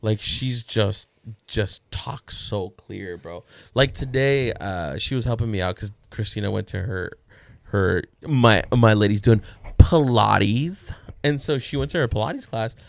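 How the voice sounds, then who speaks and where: A man's voice: unhurried, vocal fry, no room sound. A man in his thirties hosting a casual podcast chat, telling stories about his kids, swearing freely and laughing often. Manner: animated storyteller, swears a lot, jumps into high voices quoting his daughter. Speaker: podcast host.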